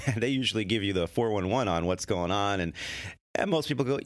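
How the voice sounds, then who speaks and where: A middle-aged man hosting a casual podcast chat, animated and jokey, with a slight head cold. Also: deep voice, fairly quick, no echo, clean studio sound. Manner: animated, jokey, laughs often. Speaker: podcast host.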